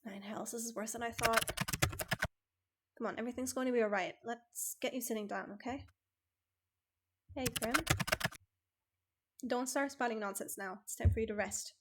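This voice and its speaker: A woman reading the lines of a tender, worried male grim reaper from a game, soft and earnest, in her own voice. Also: a little high, fairly even intonation, moderate pace, long pauses, very noisy, close to an everyday voice.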